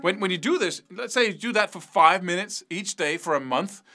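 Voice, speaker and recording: A man's voice: sits high, animated, normal speed. A man giving a casual guitar lesson, rambling a little and counting and scatting rhythms aloud as he demonstrates. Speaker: guitar teacher. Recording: guitar playing under the voice.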